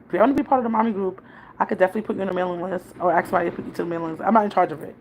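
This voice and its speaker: A woman's voice: lowish voice, rapid-fire, darkish tone, slight background noise. A woman, chatting casually to her viewers in a rambling way and laughing often. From New York City. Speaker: vlogger, mother. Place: home, New York.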